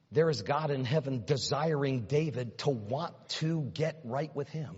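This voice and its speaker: A man preaching a sermon in a large church, swinging from hushed near-whispers to loud, emphatic runs, repeating words and piling up rhetorical questions. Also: mid-range voice, a little slow, hardly any pauses, breathy edge. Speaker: pastor. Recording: dull, reverberant hall sound.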